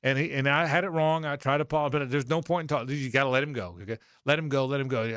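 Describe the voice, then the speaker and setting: A man's voice: medium pitch, steady tone, racing, hardly any pauses, a bit bright, no room sound. Rambling male sports radio host, dry studio. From Jacksonville, Florida. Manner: rambling, self-correcting anecdotes with quoted voices. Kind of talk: storytelling on sports talk radio.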